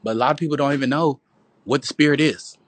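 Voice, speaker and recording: A man's voice: fairly high pitch, fast, no room sound. Profane preachy man on a phone livestream. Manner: profane, preachy, repetitive, calls listeners "boo" and "y'all". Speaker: livestream host. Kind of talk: rambling preachy livestream monologue.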